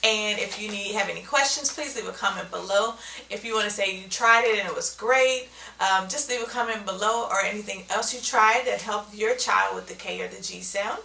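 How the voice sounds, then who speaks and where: A woman's voice: mid-range voice, fairly quick, creaky, pushed and bright, roomy sound, recorded from a distance, slight background noise. A woman teaching speech sounds in an instructional video, explaining step by step and often checking in with "okay?".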